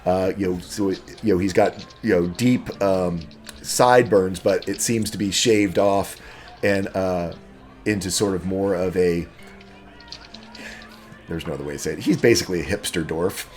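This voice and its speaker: A man running a tabletop game who describes things in loose, rambling phrases with lots of filler. His voice sits very low. Soft music plays faintly behind him. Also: fairly even intonation, measured pace, pauses often. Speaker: game master.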